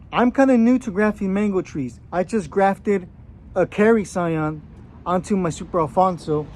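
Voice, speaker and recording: A man's voice: sits high, darkish tone, a little hiss or hum. Chatty man with a put-on Australian accent. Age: 30s. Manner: chatty, joking, talks while working with his hands. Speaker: gardening vlogger. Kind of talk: casual how-to vlog. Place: outdoor garden.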